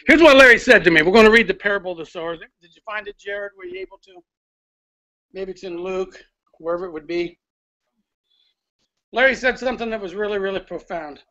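Chatty high-voiced man hosting from home. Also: expressive, fairly quick, pauses often, pushed and bright. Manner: rambling, chatty and apologetic. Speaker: host. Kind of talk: casual live-stream chat. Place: inside his house. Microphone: phone held by the speaker.

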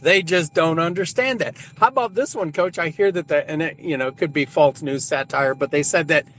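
A man's voice: fairly high pitch, moderate pace, fairly bright tone, slight background noise. A man calling in to a talk show, speaking earnestly in casual chat. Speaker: caller.

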